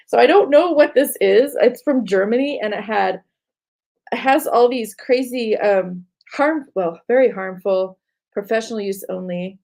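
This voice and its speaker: A woman's voice: mid-range voice, dark tone. A middle-aged woman artist chatting casually about her painting plans, heartfelt and tired, with many fillers. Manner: heartfelt, rambling with frequent fillers. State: tired and emotional. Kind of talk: casual chat to camera.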